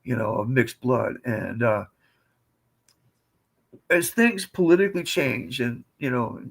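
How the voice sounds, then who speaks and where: Husky older man, rambling storyteller. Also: medium pitch, sing-song, takes it slowly. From United States. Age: 70s. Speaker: podcast guest. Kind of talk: casual storytelling.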